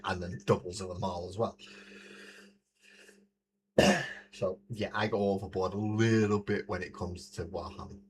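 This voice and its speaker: A man's voice: low-pitched, flat delivery, moderate pace, pauses often, noisy background. A man hosting a casual livestream, chatting and laughing often as he paints miniatures at a desk mic. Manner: chatty, laughs often, reads out chat messages. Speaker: livestream host. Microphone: desk mic, moved close to the face.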